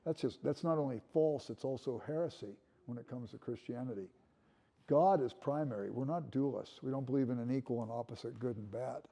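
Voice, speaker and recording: A man's voice: mid-range voice, brisk, vocal fry, dark tone. An older man giving a conversational classroom lecture, musing aloud and repeating words as he restarts.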